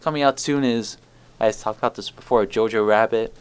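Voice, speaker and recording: A teenage boy hosting a school podcast, talking in a quick, restless way with lots of fillers and restarts. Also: lowish voice, clear, resonant tone. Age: teens. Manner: animated, restarts words, many fillers. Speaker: student podcast host. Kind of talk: casual chat.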